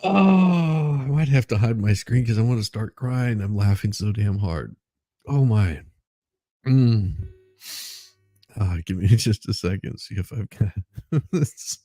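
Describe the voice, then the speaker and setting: Gravelly, slow-talking man. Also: on the low side, warm tone, no echo. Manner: laughs often, greets chat viewers by name. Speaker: livestream host. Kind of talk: casual morning livestream chat.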